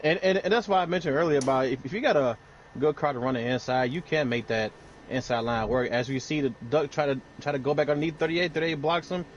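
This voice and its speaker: A man giving relaxed color commentary on an online sim race, often stammering and repeating words. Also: fairly high pitch, quick pace, muffled recording, faint music behind.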